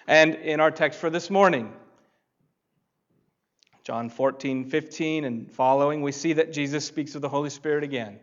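A man preaching a sermon, reading scripture and rising to loud emphasis on key phrases. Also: a little high, normal speed. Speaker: pastor. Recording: dull lo-fi sound.

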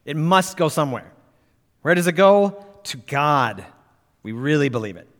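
Emphatic preacher in a reverberant hall. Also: male voice, a little high, lively intonation, normal speed, a bit bright. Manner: emphatic, rising on key words, rhetorical questions. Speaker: pastor. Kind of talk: sermon.

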